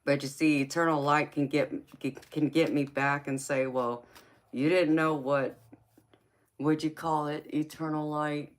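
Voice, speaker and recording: A woman chats casually with her livestream viewers. Her voice sits very low and she talks at an unhurried pace. She laughs often and calls people honey and sweetheart. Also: fairly even intonation. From United States. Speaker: livestream host.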